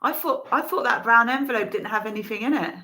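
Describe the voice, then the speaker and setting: A woman's voice: on the high side, quick pace, pushed and bright, slight background noise, low-quality recording. A woman chatting casually at home on a livestream, giggly and self-deprecating. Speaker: co-host partner.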